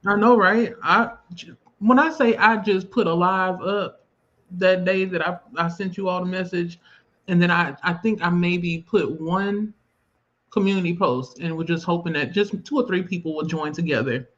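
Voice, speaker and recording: A woman's voice: on the low side, moderate pace. Chatty woman streamer, dull lo-fi audio. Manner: chatty and laughing, loose informal speech. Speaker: livestream host. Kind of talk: casual livestream chat. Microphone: video call.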